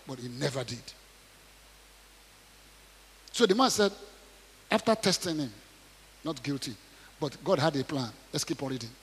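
A man preaching a sermon, reading scripture aloud and commenting on it, swinging between quiet asides and loud acted quotes, often asking the audience questions. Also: a little high, in a large hall, a little hiss or hum. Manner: asks the audience questions, repeats words.

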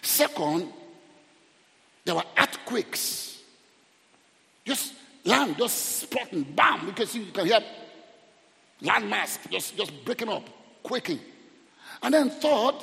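Male pastor, high and animated sermon delivery with a gravelly texture; long hall reverb. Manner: animated preaching, shouting at peaks, call-and-response.

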